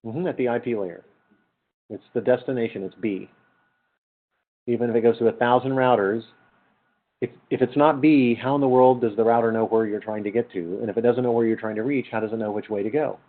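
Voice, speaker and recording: A man's voice: medium pitch, steady tone, a little fast. A middle-aged man giving a conversational university lecture, quizzing his students with questions and then answering them himself. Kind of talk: classroom lecture. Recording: tinny lo-fi lecture capture.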